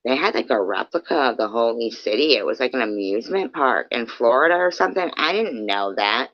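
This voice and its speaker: A woman's voice: very deep voice, lively intonation, a little fast, no room sound, lo-fi sound. A woman chatting casually with her viewers, joking, laughing often and swearing freely. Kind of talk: casual live chat.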